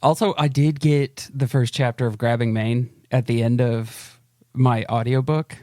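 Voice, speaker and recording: A man's voice: mid-range voice, steady tone, a little slow, warm tone, dry recording. A man co-hosting a casual podcast, talking about books in an easygoing, self-deprecating way with hesitant fillers. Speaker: podcast co-host. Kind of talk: casual book chat.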